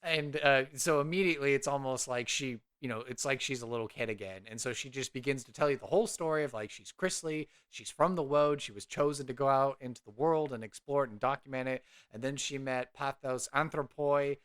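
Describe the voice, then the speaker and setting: A man narrating his character at a tabletop game in a loose, rambling way. His voice sits at an ordinary middle pitch, full of "like" and "uh". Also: fairly quick, few pauses, a bit bright, clear, resonant tone. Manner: rambling, many fillers. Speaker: player.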